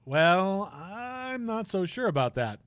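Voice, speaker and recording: A man's voice: high-pitched, big pitch swings, slow, a bit bright, smooth, dry recording, pitched above the performer's own voice, exaggerated voice. A man voicing a pompous elderly male lawyer who rambles wistfully.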